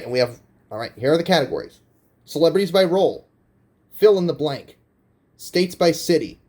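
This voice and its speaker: A man's voice: fairly high pitch, a little mellow. A man hosting a homemade quiz show parody, using playful, teasing host patter.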